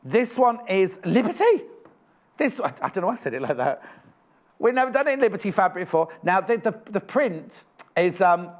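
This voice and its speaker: A man's voice: high voice, animated, a little fast. A man presenting craft kits on a live shopping channel, chatty and enthusiastic, rambling with frequent self-corrections.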